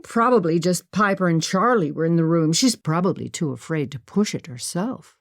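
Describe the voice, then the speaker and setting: A woman's voice: on the low side, lively intonation, moderate pace, no echo, clean studio sound. A woman voicing an impulsive, upbeat young woman who brushes off worry, in an audiobook.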